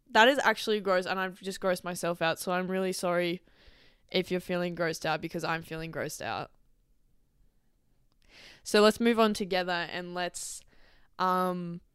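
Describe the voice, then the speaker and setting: A young Australian woman hosts her own podcast, her medium-pitched voice fairly bright, clear, and resonant. The dry recording is studio quality. Her casual solo chat rambles, wanders into asides, and includes free swearing.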